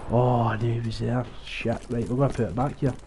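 A man's voice: mid-range voice, little pitch movement, brisk, dark tone, a little hiss or hum. A young man giving sarcastic, sweary commentary while playing a shooter at home on a headset. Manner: sweary, sarcastic, laughing often. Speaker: gaming streamer. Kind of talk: casual gameplay commentary.

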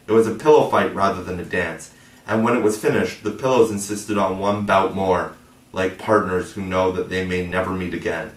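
Male audiobook narrator, low voice, roomy sound, set back from the mic. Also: steady tone, normal speed. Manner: reads steadily, puts on higher voices for the children. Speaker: audiobook reader. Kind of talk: scripted narration. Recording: echoey room, mic at a distance.

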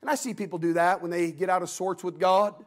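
Folksy animated man preaching. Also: high voice, fast talker. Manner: folksy, animated storytelling with acted-out quotes. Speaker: guest preacher. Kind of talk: Sunday evening sermon.

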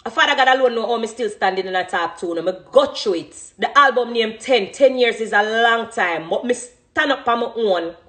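Fervent Jamaican woman, fairly high voice. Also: moderate pace, few pauses, fairly bright tone. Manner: fervent, emphatic, repeats phrases for emphasis. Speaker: dancehall artist. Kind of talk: impassioned monologue.

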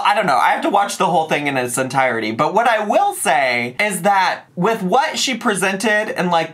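A man's voice: high-pitched, fairly bright tone. A man talking casually as a reaction video host, rambling with lots of fillers and frequent laughs. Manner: chatty, rambling, laughs often, many "like" and "right?". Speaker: commentary YouTuber.

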